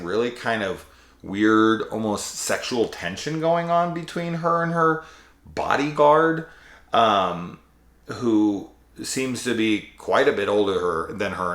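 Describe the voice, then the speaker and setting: A man's voice: on the low side, fairly bright tone. A man casually reviewing a horror sequel, rambling and sarcastic, swearing freely. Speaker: movie reviewer. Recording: echoey room.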